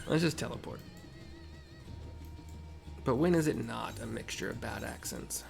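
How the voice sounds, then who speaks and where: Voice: medium pitch, expressive, slow pace, creaky, music in the background. A gamer casually narrating a story game and describing what is on screen, with offhand, self-mocking asides.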